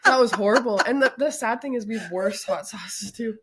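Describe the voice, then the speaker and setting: A woman's voice: a little high, fairly quick, a bit bright, slight background noise. A woman co-hosting a family podcast, reluctant and groaning, her mouth burning from hot sauce. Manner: reluctant, groaning, coughing and laughing. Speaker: podcast co-host. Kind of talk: casual chat.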